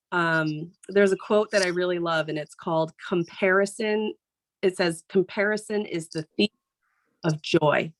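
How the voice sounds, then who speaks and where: A woman who anchors morning TV news, giving a casual motivational talk to a group in a plain, conversational way and often checking in with "right?". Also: medium pitch.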